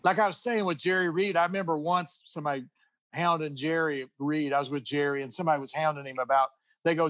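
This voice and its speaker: A man's voice: on the high side, fairly even intonation, fast talker, fairly bright tone, dry recording. A middle-aged man telling rambling anecdotes in a casual interview, full of restarts and chuckles. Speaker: guest guitarist.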